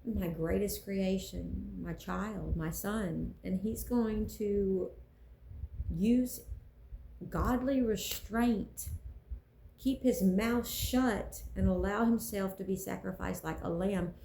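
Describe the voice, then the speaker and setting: A woman's voice: mid-range voice, steady tone, slow pace, creaky, dark tone, echoey room, a little hiss or hum, low-quality recording. A woman speaking earnestly about her faith, preaching in a casual way and repeating phrases for emphasis. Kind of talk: personal faith talk.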